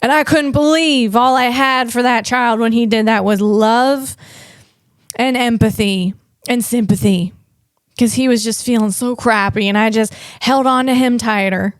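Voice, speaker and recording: A woman podcast host and comedian telling rambling, playful stories about family outings in a casual chat, gushing and animated and full of "man" and "you know". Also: a little high, clear, resonant tone, dry recording, studio quality. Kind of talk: casual comic storytelling.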